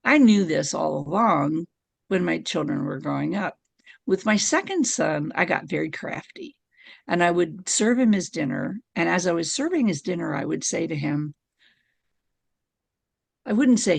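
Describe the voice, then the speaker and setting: Laughing frequently, a middle-aged woman spins lively stories as a guest on a podcast. Her pitch rises and falls dramatically, with a gravelly edge, and she speaks at a moderate pace. It's miked close and dry, without any room around her.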